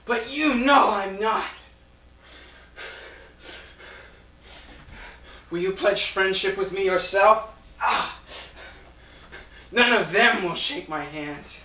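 Job, an afflicted man crying out in anguish, played by a man in a stage play. The voice is slow and bright, heard from far off in an echoey room with faint noise. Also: high voice, exaggerated voice. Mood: pleading.

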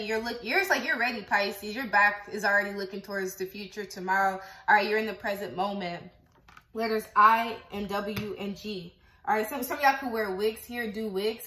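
A woman's voice: on the high side, a bit bright, roomy sound, poor audio. A woman giving a casual tarot reading to camera, chatty and profane, affirming her viewers and counting numbers aloud as she goes. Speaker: tarot reader.

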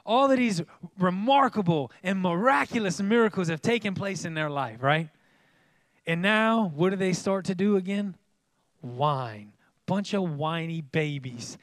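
High-voiced joking male preacher. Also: unhurried, no echo, clean studio sound. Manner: animated, joking, bursts into loud exclamations. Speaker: pastor. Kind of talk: sermon. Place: church.

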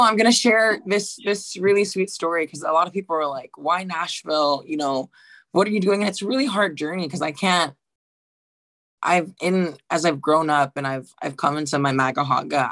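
A woman from Guam who works in theatre, a guest in a casual panel chat over a video call, speaking in an emotional, animated way. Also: deep voice, creaky, no echo. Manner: emotional, animated, says "right" often.

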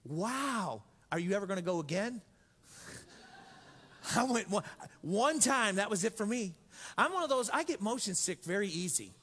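A man's voice: sits high, very animated, unhurried, long pauses, fairly bright tone, slightly rough, in a large hall. A man preaching a sermon as pastor, telling stories with jokes and acting out voices. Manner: storytelling, joking, acts out voices.

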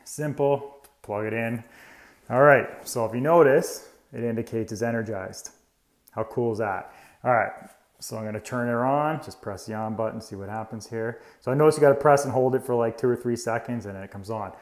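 A man's voice: mid-range voice, a little fast. Man, electrician, casual tool demo, chatty, step-by-step explaining, indoors. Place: indoors in an old house.

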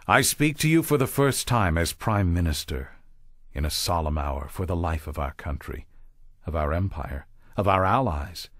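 A man reading a historic wartime speech aloud in a solemn, measured oratorical manner, as a grave elderly statesman. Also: deep voice, no echo, clean studio sound, pitched below the performer's own voice.

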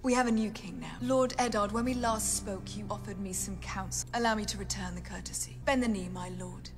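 Actress playing an icy queen giving orders, calm and cold, soft music under it. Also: medium pitch, a little fast, close to an everyday voice. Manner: icy, controlled. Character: cold scheming queen, commanding.

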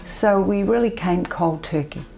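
Older aussie woman, mellow dark voice, soft and trailing, faint hiss behind. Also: mid-range voice, unhurried, gravelly, rough recording. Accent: Australian. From Australia. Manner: soft-spoken, trailing off into near-whispers. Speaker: interview guest. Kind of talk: reflective personal storytelling. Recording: faint background noise.

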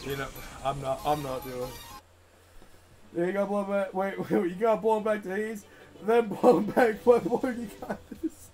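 A young male game streamer with a high voice chats with his viewers at a slow, drawn-out pace. He grumbles, swears and mutters to himself. Game music plays underneath him. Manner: frustrated, swearing, talking to himself and chat. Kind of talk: live gameplay commentary.

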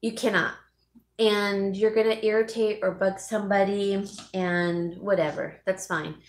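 A woman's voice: medium pitch, steady tone, measured pace, echoey room. A woman hosting a casual live vlog from home, chatting with viewers by name and laughing often. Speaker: YouTube host.

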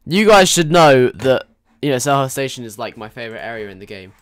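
A man's voice: medium pitch, animated, fairly quick, clear, resonant tone, dry recording, studio quality. A young man chatting jokily to his viewers while commentating a live game stream. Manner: chatty, jokey, talks to viewers.

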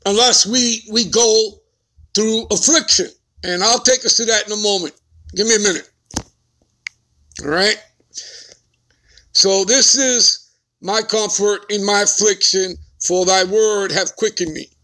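Male preacher, scripture teaching, emphatic, constant check-in questions, high and bright. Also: a little slow, long pauses. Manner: emphatic, keeps asking "all right?" and "okay?".

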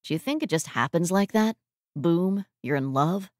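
A woman's voice: on the low side, lively intonation, moderate pace, dry recording, clean studio sound, lightly acted. A woman voicing a dramatic, emotional young man who is head over heels in love. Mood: gushing.

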